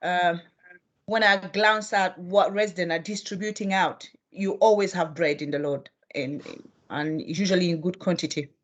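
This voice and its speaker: Woman, low voice, hesitant community volunteer, muffled and distant video-call audio. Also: steady tone, normal speed. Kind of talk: casual reply on a video call.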